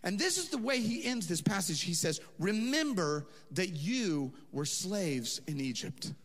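Impassioned preacher in a reverberant hall. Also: male voice, high-pitched, sing-song, unhurried. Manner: impassioned, rising to emphatic peaks; conversational preaching with asides. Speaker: pastor. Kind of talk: sermon.

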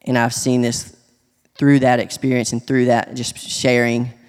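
A man sharing a personal testimony in church, speaking earnestly and haltingly, with many restarts. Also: mid-range voice, monotone. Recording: long hall reverb.

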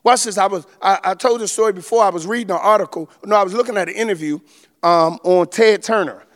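A male pastor preaching a sermon, stammering and repeating words as he builds from quiet storytelling to shouted preaching. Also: high voice, quick pace. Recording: long hall reverb.

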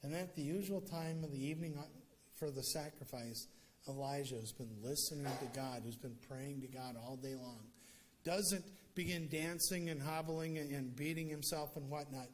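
A man's voice: on the high side, moderate pace, slight background noise. A male preacher retelling a scripture story in a casual, conversational sermon with joking asides.

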